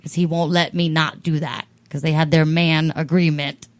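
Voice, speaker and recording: A woman telling a comedic story on a talk show in an animated, profane way. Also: deep voice, normal speed, no echo. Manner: animated, profane, acts out voices in her stories.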